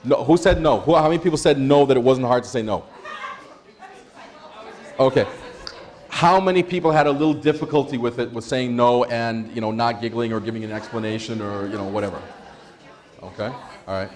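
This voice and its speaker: A man presenting an interactive workshop, energetic, quizzing the audience and laughing often. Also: mid-range voice, a little fast, pauses often. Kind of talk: interactive stress-management workshop.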